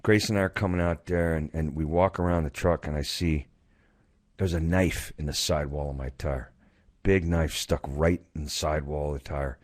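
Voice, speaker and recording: A man giving a conference keynote on recovery, telling stories with rapid-fire restarts and repeated words. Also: very deep voice, steady tone. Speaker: recovery speaker. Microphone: video call.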